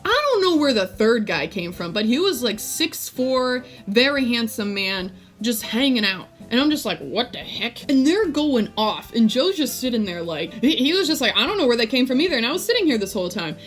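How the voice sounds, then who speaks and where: A young American woman telling a casual storytime vlog, jokey and animated, acting out her friends in quotes. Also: a little high, normal speed, few pauses. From United States. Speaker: vlogger.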